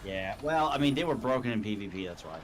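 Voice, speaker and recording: A man chatting and joking during a guild raid over voice chat, quick to apologize and tease himself. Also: on the low side, animated. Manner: chatty, joking, self-deprecating. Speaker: raid member streaming a guild raid. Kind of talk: casual gaming voice chat. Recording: voice chat with background noise.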